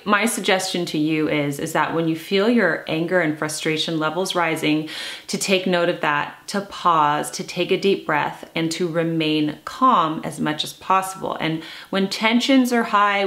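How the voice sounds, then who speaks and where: A lifestyle vlogger in her thirties speaks casually to the camera in a calm, earnest manner. Her voice is lowish, and she slows down to emphasize her points.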